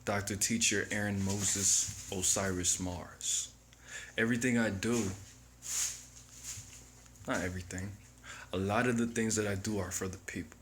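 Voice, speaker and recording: A man speaks to his viewers in a deliberate, drawn-out self-help monologue. His voice sits on the low side and he never rushes, with a faint hiss in the background. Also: fairly even intonation, a bit bright. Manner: slow, reflective, preachy self-help delivery. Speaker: channel host. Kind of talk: motivational monologue to camera.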